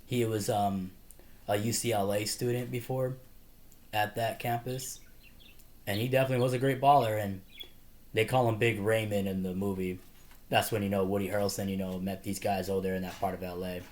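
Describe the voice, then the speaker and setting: A man's voice: lowish voice, steady tone, fairly quick. A man casually talking through a favorite movie, rambling with lots of fillers and frequent laughter. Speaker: movie reviewer. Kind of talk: casual movie review monologue.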